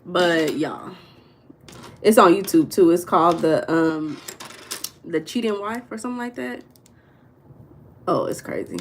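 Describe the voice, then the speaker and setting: Casting: young woman, relaxed livestream host, medium pitch, chatty and loose with viewers. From United States. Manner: chatty, greets chat viewers by name. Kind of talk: casual livestream chat.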